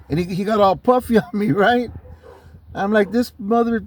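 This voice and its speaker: Man host, high voice, casual slangy storyteller, dry close sound. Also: fairly quick, no echo. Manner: street slang, frequent restarts, conversational. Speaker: channel host.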